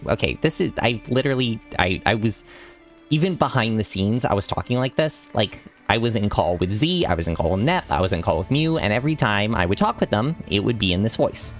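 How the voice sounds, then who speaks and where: Young man rambling casually, fairly low voice. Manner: rambling, many restarts and laughs. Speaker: streamer. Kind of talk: casual gaming stream chat. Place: home room.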